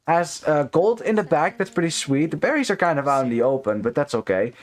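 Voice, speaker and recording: A man's voice: fairly high pitch, lively intonation, a little fast. A man casting a strategy game live, chatty with many fillers, greeting chat viewers between plays. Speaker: esports caster.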